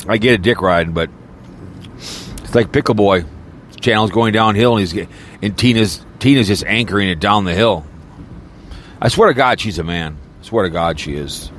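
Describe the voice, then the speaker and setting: A man's voice: lowish voice, moderate pace, long pauses, fairly bright tone, slight background noise. A man podcaster in a rambling, crude and mocking casual rant, talking from a car. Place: in a car, snowy weather.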